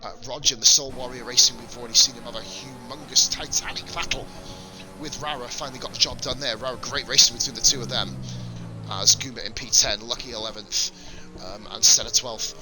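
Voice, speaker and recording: A man giving live, sweary, excitable commentary on a sim-racing league, chatting with his viewers between calls. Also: medium pitch, a little fast, music in the background.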